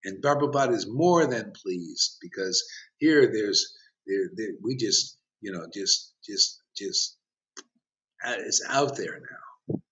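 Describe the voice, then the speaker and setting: A spiritual teacher delivers an impassioned, provocative sermon, directly challenging his listeners. His lowish voice is slow and slightly bright, with lively intonation, captured on a dull lo-fi recording.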